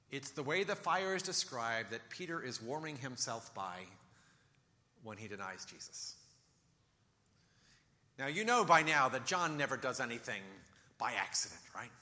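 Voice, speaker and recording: A man preaches a sermon in an animated storytelling way, his voice bright and forceful. He drops into softer, lower tones when he voices the people in the story. The sound carries a long reverb, like a large church sanctuary. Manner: animated storytelling, acting out quoted lines in soft low voices. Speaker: pastor.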